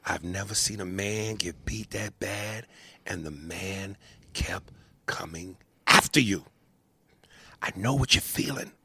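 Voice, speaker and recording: A man voicing a calm, protective boxing trainer who speaks in a hushed, low voice. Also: takes it slowly, vocal fry, slightly rough, no room sound, full character voice. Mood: hushed urging.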